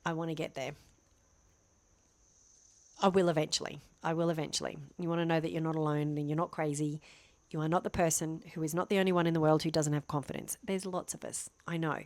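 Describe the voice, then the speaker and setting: A middle-aged woman rambles cheerfully into a home microphone, self-deprecating and chatty. Her voice sits on the low side. The sound is close and dry. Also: level tone, fast talker, darkish tone, no room sound. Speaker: vlogger, former teacher. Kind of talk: casual talking-head vlog. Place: home near a main road. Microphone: microphone on a stand facing her, camera turned away.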